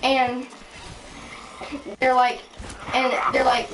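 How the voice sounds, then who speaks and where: A woman's voice: high voice, fairly even intonation, normal speed, pauses often, very noisy. Rambling indignant girl, mic at a distance. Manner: rambling, many restarts and fillers. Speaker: storytime vlogger. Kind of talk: casual storytime rant. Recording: voice from a distance with clear background music.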